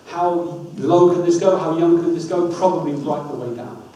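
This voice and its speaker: Male trainer, energetic and wry, heard off-mic in a big echoey hall with faint hum. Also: fairly high pitch, normal speed, recorded from a distance. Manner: energetic, coaxing the audience, wry asides. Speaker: dyslexia trainer giving a talk. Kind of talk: lively public talk with audience activities.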